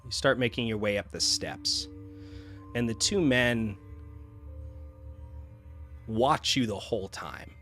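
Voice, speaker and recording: Game master: low-pitched man, casual narration over faint music. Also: a bit bright. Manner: casual with frequent fillers.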